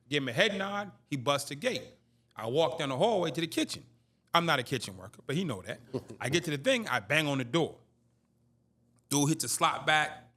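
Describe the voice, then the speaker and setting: A man in his fifties telling a streetwise story in a casual interview, acting out the dialogue. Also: medium pitch. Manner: animated, streetwise, acts out dialogue. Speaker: interview guest.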